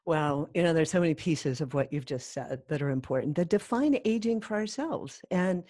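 An older woman hosting a conversation in a low, husky, warm voice that moves freely up and down. She is encouraging and sums up what her guest has said. The sound is dry and close. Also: animated, normal speed, no room sound. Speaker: host. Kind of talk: casual interview conversation.

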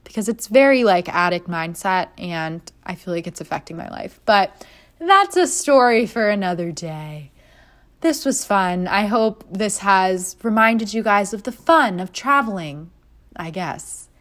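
Animated young woman telling a story. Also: medium pitch, measured pace. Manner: animated, acts out voices in quotes. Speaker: podcast host. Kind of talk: casual storytelling monologue.

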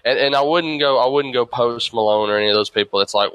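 A man in casual conversation, rambling and animated, swearing freely as he spins hypothetical stories. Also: on the low side, quick pace, few pauses, clean tone, no room sound, rough recording. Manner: profane, rambling, animated storytelling. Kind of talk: casual chat.

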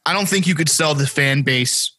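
A man's voice: on the high side, normal speed, pushed and bright, dry recording. A young man, co-hosting a casual sports podcast, rambling and joking with casual swearing. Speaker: podcast co-host.

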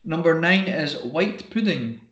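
A man hosting a podcast, swearing freely and telling animated stories in casual banter. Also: fairly high pitch, a little slow, echoey room, dull audio. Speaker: podcast host.

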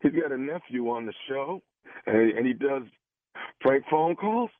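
A man's voice: mid-range voice, lively intonation, unhurried, no room sound. A man making a prank phone call on a radio show, persistent and pleading, repeating himself. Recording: tinny phone line, dry.

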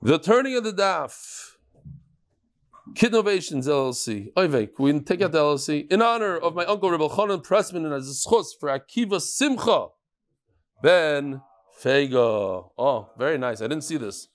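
A man teaching a daily Talmud class, lively and joking, telling stories and mixing Hebrew and Yiddish terms into English. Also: on the high side, normal speed.

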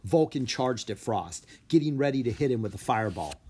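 A man reading a children's adventure book aloud, his pitch rising and falling in a lively, animated way. His voice sits in an ordinary middle register and he keeps the storytelling expressive. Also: fairly quick, breathy edge. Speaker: audiobook reader.

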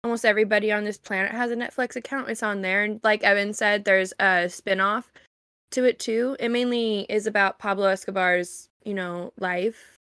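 A woman's voice: medium pitch, fairly even intonation, moderate pace, fairly bright tone, clean tone, no echo, studio quality. A young woman co-hosting a podcast in casual chat, making sarcastic jokes and recommendations. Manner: joking, sarcastic asides. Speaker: podcast co-host.

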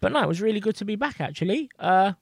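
A man's voice: high voice, expressive, fast, vocal fry, no echo, clean studio sound. Blokey man, football podcast chat. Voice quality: blokey, swears freely, says "mate" a lot. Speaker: podcast co-host.

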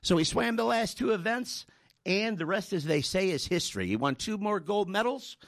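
A man's voice: sits high, lively intonation, moderate pace. A man hosting a talk show who thanks his guest and tells a story in a loose, conversational way, often repeating words. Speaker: host. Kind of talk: talk show, telling an anecdote.

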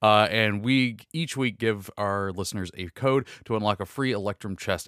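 A man co-hosting a tabletop gaming podcast in casual chat, animated and laughing often, tripping over his restarts. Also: fairly low pitch, normal speed, hardly any pauses, clear, resonant tone, dry recording, studio quality. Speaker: podcast co-host.

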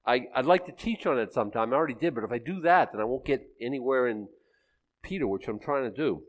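Older guy pastor, chatty sermon, pitch jumps around a lot, asks the crowd stuff. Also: lively intonation, fast. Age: 60s. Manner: chatty, asks the congregation questions, self-teasing. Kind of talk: conversational sermon.

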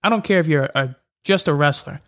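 A man with a slightly higher than usual voice talks casually in an interview. He is a fighter who tells his stories fast and loosely. He fills his sentences with casual fillers. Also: fairly bright tone. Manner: chatty, quick storytelling with many fillers. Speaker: MMA fighter.

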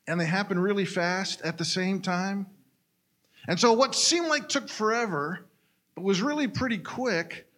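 Folksy man telling a story, slightly high voice. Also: a bit bright. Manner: conversational, folksy, addresses listeners directly. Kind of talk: storytelling in a casual retelling.

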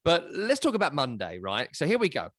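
Man, podcast co-host, lively pitch, dry close sound, opinionated football chat. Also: a little fast, no room sound. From England. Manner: animated, opinionated, sweeping rhetorical riffs.

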